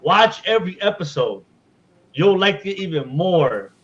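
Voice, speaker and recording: A man's voice: sits high, sing-song, unhurried, highs cut off. A man hosting a podcast in loose, joking casual chat, swearing freely. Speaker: podcast host.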